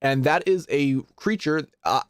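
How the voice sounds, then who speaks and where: A man's voice: a little high, a little slow, clean tone, no echo, clean studio sound. A man narrating a tabletop game as game master, casual, filler-heavy and often laughing.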